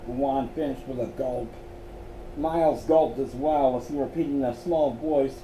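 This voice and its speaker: A man reading aloud from his own story, slowly, with stumbles and restarts. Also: medium pitch, steady tone, mellow. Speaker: author and reader. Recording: roomy echo, faint background hum.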